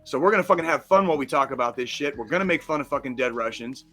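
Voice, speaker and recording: A man's voice: medium pitch, lively intonation, rapid-fire, sharp tone, soft background music. A man co-hosting a podcast in casual chat, talking in a brash, profane, emphatic way. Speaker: podcast co-host.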